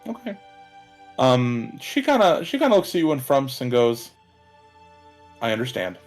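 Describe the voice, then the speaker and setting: A man narrating as game master, halting, with many ums and restarts. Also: fairly high pitch, sing-song, a little mellow, faint music behind.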